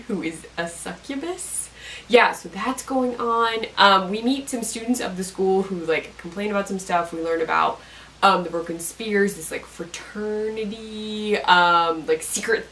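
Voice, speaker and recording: A woman's voice: medium pitch, fairly bright tone, far from the mic, rough recording. Chatty young woman, a bit off-mic. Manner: rambling, many fillers and self-corrections. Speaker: vlogger reviewing a podcast. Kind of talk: casual chat.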